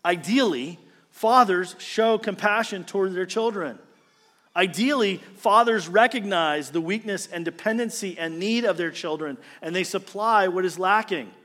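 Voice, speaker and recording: A male pastor preaching a sermon, animated, swinging between loud emphasis and quiet, earnest passages. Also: sits high, normal speed, long reverb tail.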